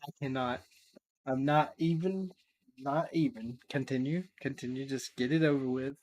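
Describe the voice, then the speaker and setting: A man's voice: mid-range voice, moderate pace, a little mellow, a little hiss or hum. Profane mocking male reaction host. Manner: blunt, mocking, swears a lot, laughs at clips. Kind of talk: casual profane reaction commentary.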